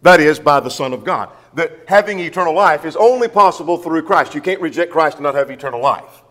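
A man's voice: a little high, animated, fairly quick, fairly bright tone. A man preaching a sermon, emphatic, asking rhetorical questions and reading scripture aloud. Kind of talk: sermon, Bible study. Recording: long hall reverb.

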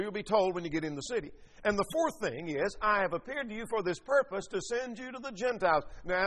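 A man's voice: a little high, fairly bright tone, in a large hall. A man teaching a sermon, reading scripture aloud and explaining it verse by verse. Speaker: preacher.

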